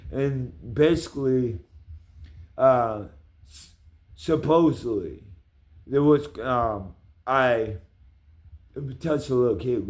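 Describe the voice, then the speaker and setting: Guy going off on a long cussing rant, mid pitch, rambly and heated. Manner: gets louder and higher when angry. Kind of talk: angry ranting monologue.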